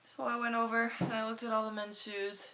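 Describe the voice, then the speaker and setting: A young woman vlogging to her webcam at home, hoarse from a cold, telling a rambling comic story in an animated, self-mocking way that swings between loud and quiet. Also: fairly high pitch, brisk.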